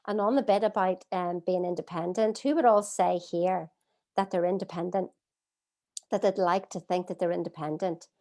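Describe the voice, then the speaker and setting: A middle-aged woman leading a live online coaching masterclass from home, earnest and expressive, asking her audience many rhetorical questions. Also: fairly low pitch, moderate pace. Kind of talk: live-streamed coaching talk. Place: at home, streaming by video call.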